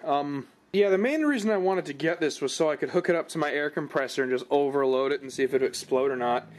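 A man's voice: on the high side, fast talker. A man giving casual, rambling commentary as he tries out cheap gadgets and snacks at home, dry and self-mocking, picked up on a camera microphone. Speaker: product review vlogger. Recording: noisy camera-mic recording.

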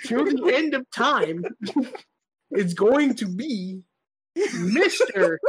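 A man co-hosting a podcast, making his pick in casual group debate with a drawn-out, profane, mock-grand delivery. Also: very high voice, very animated, husky, poor audio. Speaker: podcast co-host.

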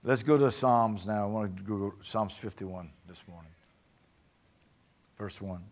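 A man's voice: on the low side, measured pace. A man with a Cajun accent preaching a sermon in a conversational way, often asking his congregation for an amen. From Louisiana. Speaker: pastor.

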